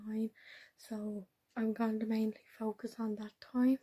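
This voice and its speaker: A woman's voice: on the high side, flat delivery, unhurried, dark tone, slightly rough, low-quality recording. A young woman chatting casually in a home vlog, rambling with lots of ums and often dropping to a whisper. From Ireland. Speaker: vlogger. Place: home bedroom, indoors.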